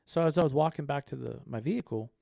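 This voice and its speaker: A man's voice: fairly high pitch, fast talker, creaky, warm tone, dry recording, studio quality. A man co-hosting a podcast, telling a story in an earnest, conversational way. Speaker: podcast co-host. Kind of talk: casual chat.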